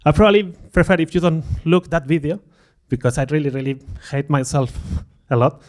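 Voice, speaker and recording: A man giving a conference talk before an audience, speaking candidly and poking fun at himself, with frequent laughs and lively acted-out quotes. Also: a little high, brisk. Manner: candid, self-deprecating, laughs often; acts out quoted remarks in a livelier voice.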